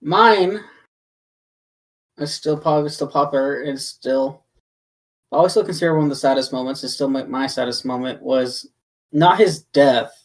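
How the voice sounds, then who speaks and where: A woman's voice: a bass voice, normal speed, long pauses. A woman guest on a podcast recounting a moving scene in a heartfelt, emotional way. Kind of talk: casual chat.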